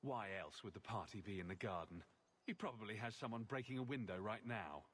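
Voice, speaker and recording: A wisecracking video game companion, dry and sarcastic. His low voice has a husky, slightly rough texture. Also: lively intonation, brisk, a bit bright. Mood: sardonic. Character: sardonic, wisecracking male companion.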